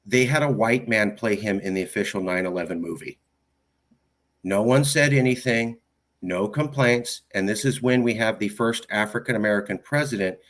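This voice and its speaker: A man hosting an interview podcast, telling stories in an animated, emphatic way and repeating his points. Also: lowish voice. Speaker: podcast host. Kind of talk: casual conversational interview.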